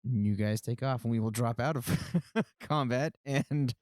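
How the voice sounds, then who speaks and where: A man narrating a tabletop game as game master, relaxed and hesitant, with many fillers. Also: mid-range voice, unhurried, no echo, studio quality.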